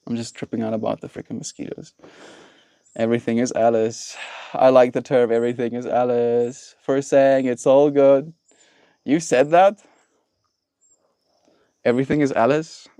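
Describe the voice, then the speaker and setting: A man of average pitch talks through a casual live stream, replying to viewers in a playful, chatty way. He laughs easily and keeps a loose, friendly flow. The sound is dry and close. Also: steady tone, normal speed, pauses often, dark tone, dry recording. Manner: playful, laughs often, mock voices for viewers. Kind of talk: casual live-stream chat reading chat messages. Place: outdoors with mosquitoes.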